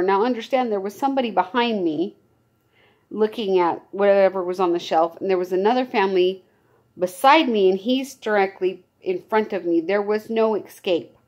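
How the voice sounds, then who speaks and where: A woman vlogger shares a true personal story in a rambling, casual way, frequently restarting and correcting herself. Her voice is medium-pitched and a little mellow.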